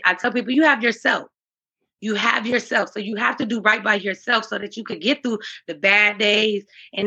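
This interview guest is a woman with a mid-range, bright, pushed voice that has a husky quality, and the recording's highs are cut off. Her manner is candid, earnest and faith-driven, and she keeps circling back with fillers and restarts.

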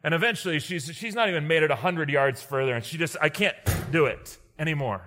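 Bright-voiced man telling a parable. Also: fast talker, hardly any pauses, in a large hall. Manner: acts out characters in a parable, drops low and quiet for them. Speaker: preacher. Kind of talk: sermon storytelling.

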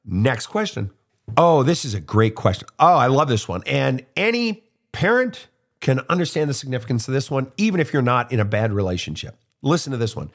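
A man's voice: mid-range voice, very animated, fairly quick. Blunt, profane middle-aged man. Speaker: host, soul counselor. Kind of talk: casual advice monologue answering questions.

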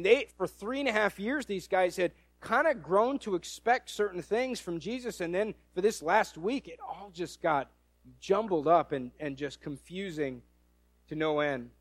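A man's voice: a little high, no room sound. A male preacher giving a sermon, telling the story animatedly and acting out quoted voices, with frequent restarts.

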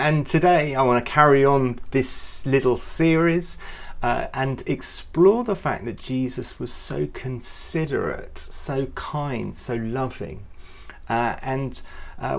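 A man hosting a youth ministry podcast, talking earnestly and conversationally with many fillers. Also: medium pitch. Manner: earnest, conversational, many fillers, voices the people in his stories. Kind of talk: reflective devotional talk.

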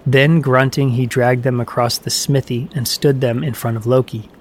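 A man reading a myth aloud as a storyteller, in an even, measured way. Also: medium pitch, a little hiss or hum. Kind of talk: scripted narration of a myth.

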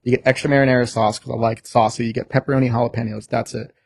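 A young American man telling stories in a casual podcast chat, animated and swearing freely. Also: medium pitch, rapid-fire, gravelly, a little hiss or hum. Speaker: podcast guest.

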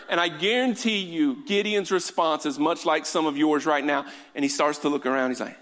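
A high-voiced man preaching to a congregation, quipping in lighter moments and then pressing his point with rising fervor. His voice carries a long reverb through a large church hall. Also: normal speed, hardly any pauses. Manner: animated, joking asides, builds to fervent exhortation. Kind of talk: sermon.

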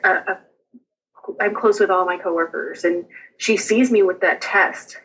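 A young woman, a guest on an interview show, chatting casually and quickly about her own experiences, often laughing as she tells them. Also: mid-range voice, a bit bright, slightly rough, low-quality recording. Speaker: guest sharing her birth story. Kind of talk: casual personal storytelling.

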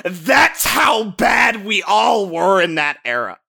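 Bright, lively man in casual chat. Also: sits high, creaky, breathy edge. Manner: quick, opinionated storytelling with some swearing.

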